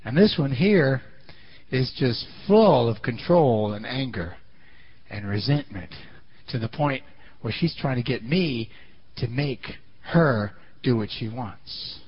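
A man's voice: medium pitch, lively intonation, takes it slowly, husky, muffled recording. A man preaching a sermon in a dramatic storytelling style, often asking the audience questions.

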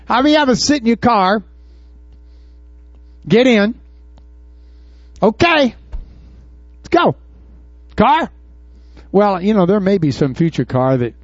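A man preaching to his congregation in a high voice, tossing out questions and acting out Bible scenes. The sound is dry and a little dull. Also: no room sound. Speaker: pastor. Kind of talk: sermon. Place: church before a congregation.

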